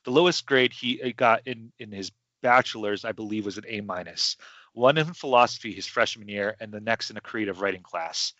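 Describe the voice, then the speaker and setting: A man's voice: on the low side, brisk, pushed and bright, no room sound. A man hosting a podcast in casual chat, rambling and hesitant with many restarts. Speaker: podcast host. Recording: dull lo-fi sound.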